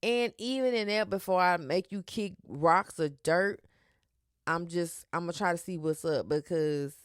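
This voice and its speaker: A woman's voice: on the low side, measured pace, no room sound. Sassy lady doing her solo podcast, lots of slang, dry close sound. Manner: sassy, animated, with slang and cursing. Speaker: podcast host. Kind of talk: casual solo podcast talk.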